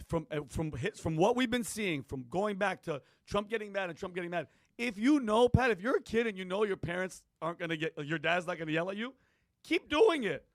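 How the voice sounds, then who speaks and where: Panelist, male, high dry voice, loose and rambling. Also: dry recording. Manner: rambling, restarts, casual slang. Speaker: podcast panelist. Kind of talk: heated podcast discussion.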